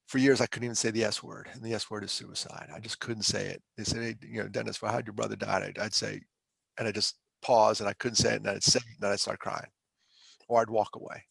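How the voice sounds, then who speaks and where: This middle-aged podcast guest from Pennsylvania, who speaks on mental health, recounts his experiences frankly, with emotion and self-deprecating humor in a conversational style. The mid-range voice is creaky, husky and a bit bright, in a dry recording.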